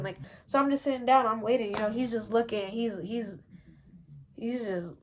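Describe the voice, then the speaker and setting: A young woman, casually telling a story to her viewers in a slangy, animated way and often calling out to them as y'all. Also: a little high, normal speed, over music. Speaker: vlogger.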